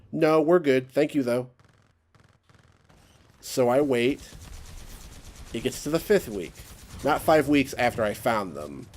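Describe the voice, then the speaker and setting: A young man ranting to his camera in a casual vlog, his voice sitting at an ordinary middle pitch. He sounds exasperated and sarcastic, and he slips into mocking voices whenever he quotes someone. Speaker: vlogger. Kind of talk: casual rant.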